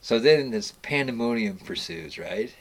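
A man's voice: medium pitch, animated, measured pace, creaky, low-quality recording. Rambling man telling a boating story. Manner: rambling, with restarts and asides. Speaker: storyteller guest. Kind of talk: casual storytelling.

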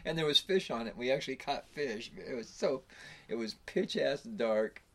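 A middle-aged man tells loose, rambling stories in an everyday voice at a middling pitch, chuckling now and then. He curses freely and often breaks off to restart a sentence. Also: lively intonation, normal speed, fairly bright tone. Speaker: storyteller recounting fishing trips. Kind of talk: casual spoken storytelling.

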